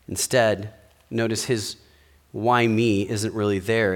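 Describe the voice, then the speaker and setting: A man's voice: on the low side, fairly even intonation, slow pace. A pastor giving a sermon, speaking in a conversational way and asking his listeners rhetorical questions.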